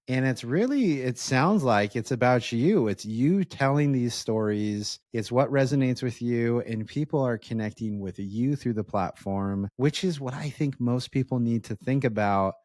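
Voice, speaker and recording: A man's voice: mid-range voice, a little mellow, no room sound, studio quality. A man hosting a marketing podcast, asking questions in a casual, enthusiastic way and praising answers before he asks. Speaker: podcast host.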